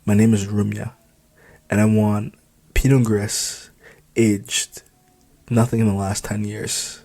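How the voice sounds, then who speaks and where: A man's voice: lowish voice, level tone, slow, warm tone. Proud young woman, clipped retorts, audiobook, man reading her lines. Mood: indignant. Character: nineteen-year-old foreign woman, proud and sharp-tongued. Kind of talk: audiobook dialogue.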